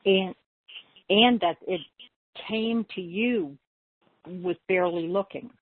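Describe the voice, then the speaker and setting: Woman, hesitant, searching for words, husky, tinny and dry sound. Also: lowish voice, slow, no room sound. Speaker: community call participant. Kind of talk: casual reflective talk in a group call. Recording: dry phone-line audio.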